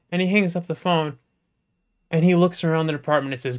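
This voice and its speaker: Live storyteller, stretched-out joke, sudden loud bursts. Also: medium pitch, steady tone. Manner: drawn-out, playful narration with sudden bursts. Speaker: comedic storyteller. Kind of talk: live shaggy-dog joke telling.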